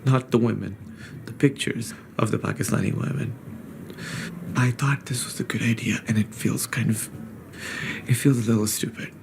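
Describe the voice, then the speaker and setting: A man's voice: medium pitch, fairly even intonation, moderate pace, creaky, long pauses, background noise, close to an everyday voice. An actor playing an awkward young man who speaks sheepishly and self-consciously to his girlfriend.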